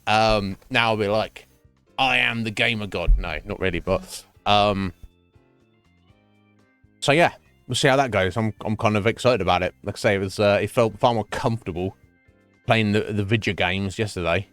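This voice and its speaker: A man's voice: lowish voice, moderate pace, a bit bright, clear, resonant tone, no echo, soft background music. A man chatting casually on a gaming stream at home, rambling and swearing freely. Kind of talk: casual chat while gaming.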